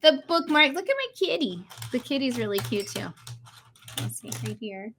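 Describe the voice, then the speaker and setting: A woman with a high, bright-sounding voice chats as a guest over a video call. She tells her stories in a bubbly, excited rush. She sounds to be in her thirties. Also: normal speed, slight background noise. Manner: bubbly, excited storytelling with frequent laughs. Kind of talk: casual chat.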